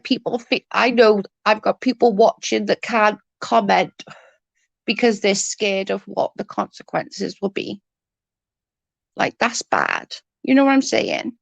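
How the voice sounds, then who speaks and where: A woman with a cold, hoarse and husky, chatting casually on a livestream and answering viewers' comments. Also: mid-range voice, no echo. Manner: blunt, swears freely, vents about double standards. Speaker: livestream host. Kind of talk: casual live chat reading comments.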